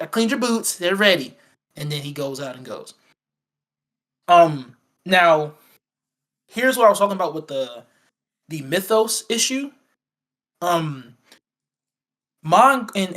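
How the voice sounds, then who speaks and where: High-pitched guy going on about a movie, lots of restarts and acted-out quotes. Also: a bit bright. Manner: rambling, acts out quoted lines; frequent fillers and restarts. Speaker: podcast co-host. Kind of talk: casual film review chat.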